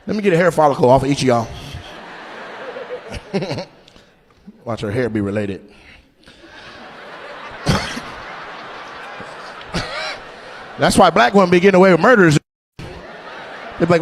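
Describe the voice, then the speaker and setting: A man doing live stand-up crowd work, loud and mocking, acting out voices as he roasts audience members. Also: on the high side, big pitch swings, takes it slowly, long pauses. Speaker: stand-up comedian. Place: comedy club stage.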